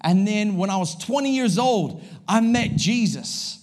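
High-voiced, lively American preacher man. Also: a little slow. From United States. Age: 40s. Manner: energetic and joking, with exclamations. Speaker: guest pastor. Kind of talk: sermon. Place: church service.

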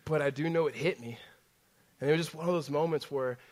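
A young man preaches to a room in a relaxed, conversational sermon, his voice a touch higher than most men's. He swings from hushed, confiding stretches to loud, emphatic bursts, full of fillers and quick restarts. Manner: frequent fillers and self-interruptions. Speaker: pastor. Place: large room with a congregation.

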